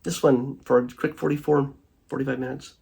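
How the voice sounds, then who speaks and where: Male vlog host, husky mid-range voice, loose unscripted commentary full of restarts and fillers. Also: medium pitch, level tone, fairly quick, a little mellow. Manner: rambling, many fillers and restarts. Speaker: host reviewing a streaming documentary. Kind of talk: casual spoken commentary.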